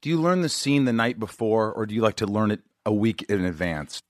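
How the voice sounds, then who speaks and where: A man's voice: fairly low pitch, a little fast, no room sound. A middle-aged American man hosting a podcast, chatting casually and joking at his own expense. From United States. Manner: joking, self-deprecating, animated. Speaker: podcast host. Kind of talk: casual interview chat.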